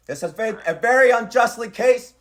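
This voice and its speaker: A man's voice: very high voice, moderate pace, fairly bright tone. A man on speakerphone arguing insistently, repeating himself and talking over the other person. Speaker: caller. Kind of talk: heated phone argument.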